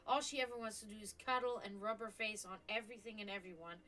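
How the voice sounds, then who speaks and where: A woman's voice: mid-range voice, quick pace, pushed and bright. A woman hosting a live stream, chatting casually and rambling, with frequent restarts and offhand swearing. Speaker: stream host.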